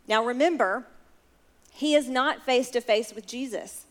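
A woman's voice: high voice, lively intonation, slow. A woman preaching a sermon, retelling a story and asking her listeners direct questions.

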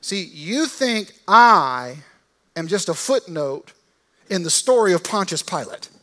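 A man voicing a calm, commanding religious teacher in a sermon, speaking with bold emphasis in slangy modern phrasing. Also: medium pitch.

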